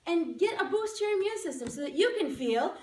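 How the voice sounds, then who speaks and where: A woman giving a playful, animated laughter-yoga demonstration speech to a live audience. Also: very high-pitched, brisk, heavy background noise. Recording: echoey room from far off.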